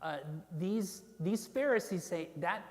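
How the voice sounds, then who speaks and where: A woman's voice: mid-range voice, expressive, measured pace. Woman preaching in a reverberant church. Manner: conversational, with fillers and asides. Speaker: pastor. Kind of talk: sermon. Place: church sanctuary.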